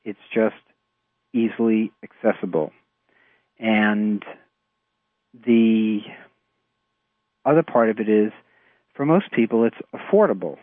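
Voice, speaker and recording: A man with a New York accent, a therapist explaining his clients' struggles in a measured, halting way with many fillers. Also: fairly low pitch, no echo. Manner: measured, hesitant with frequent fillers. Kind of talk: explanatory radio talk. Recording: tinny phone-like radio audio.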